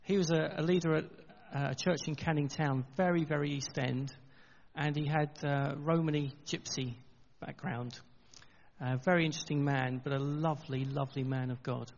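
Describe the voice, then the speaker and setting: Gravelly man preaching in a church. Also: on the high side, fairly even intonation. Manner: earnest, conversational with halting restarts. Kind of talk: sermon. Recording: dull, long reverb in a church hall.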